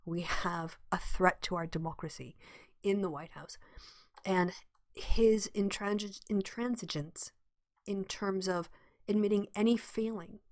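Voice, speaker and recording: A woman's voice: mid-range voice, a little mellow, dry recording. Indignant woman political commentator, dry sound. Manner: indignant, reads news aloud with asides.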